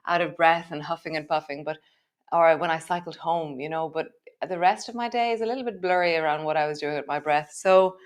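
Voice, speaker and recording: A woman guiding a live yoga class, chatty and relaxed, laughing at herself. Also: on the low side. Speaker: yoga teacher.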